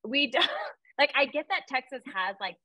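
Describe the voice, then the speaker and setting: A woman co-hosting a podcast, chatting casually, quick to agree and lightly exasperated. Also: high-pitched, lively intonation, bright, forceful tone, dry recording, low-quality recording. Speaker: podcast co-host. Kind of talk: casual chat.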